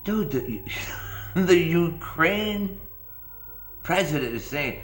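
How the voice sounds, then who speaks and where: A man's voice: a little high, animated, takes it slowly, pauses often, echoey room, faint music behind. A man hosting a morning rant vlog, rambling and sarcastic, often repeating his phrases. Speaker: vlog host.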